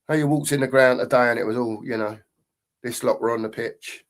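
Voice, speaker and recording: Middle-aged man, medium pitch, easygoing fan host chatting to viewers. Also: fairly even intonation, fairly quick. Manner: chatty, matey, greets viewers with "big up". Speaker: live stream host reading chat. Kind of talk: casual live chat.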